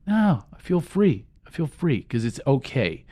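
A middle-aged man as a talk-show guest, calmly guiding listeners through a laughter and breathing exercise and often breaking into giggles. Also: medium pitch, a little fast, hardly any pauses, no echo. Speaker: guest, laughter and life coach.

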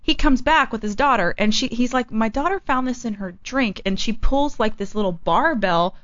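A woman chatting casually as a guest, telling stories with lively delivery and acting out the people in them. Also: fairly high pitch, moderate pace, dry recording, lo-fi sound. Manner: animated, acts out other people's voices. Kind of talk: casual storytelling chat.

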